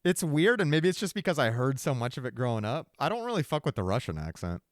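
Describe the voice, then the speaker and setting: Animated young man, playful podcast banter. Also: medium pitch, fast talker, no echo, clean studio sound. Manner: playful, breaks into joking character voices. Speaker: podcast co-host. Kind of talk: casual chat.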